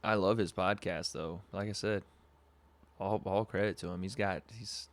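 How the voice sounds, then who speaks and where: Brief: young male podcast host from SoCal, deep monotone, relaxed rambling storyteller, webcam audio. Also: normal speed. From Southern California. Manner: laid-back, rambling with frequent fillers and laughs. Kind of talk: casual livestream storytelling.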